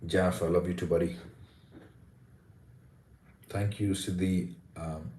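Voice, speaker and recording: Indian-accented male livestream host, very low voice, hesitant and chatty, slightly distant mic, echoey room. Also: flat delivery, slow, a little mellow, a little hiss or hum. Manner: reads out comments, hesitant restarts and repeated words. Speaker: livestream host teaching English pronunciation. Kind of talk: casual live Q&A.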